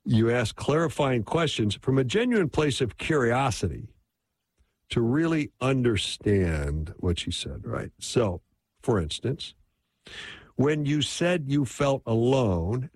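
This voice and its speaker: A man's voice: fairly low pitch, gravelly, a little mellow, breathy edge, dry recording. A man teaching relationship advice in a casual, conversational way, often checking in with his listeners. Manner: conversational, constant "right?" check-ins.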